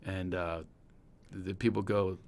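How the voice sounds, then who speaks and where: A middle-aged man from Pennsylvania with a Pennsylvania accent, hosting a podcast and telling long personal stories in a rambling, animated way. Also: deep voice, slow. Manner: rambling and storytelling, animated when recalling anecdotes. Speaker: podcast host. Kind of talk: casual chat.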